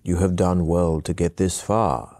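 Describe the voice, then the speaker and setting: Cold, sneering dwarf trial master for a fantasy game played by a man: very low, dark, formal, measured, dry sound. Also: steady tone, dry recording.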